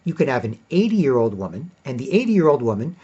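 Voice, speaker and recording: A man's voice: medium pitch, very animated, brisk, warm tone, husky. A man delivering a rambling, profane monologue, acting out the exchanges he quotes. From Canada. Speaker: commentator. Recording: dull lo-fi recording.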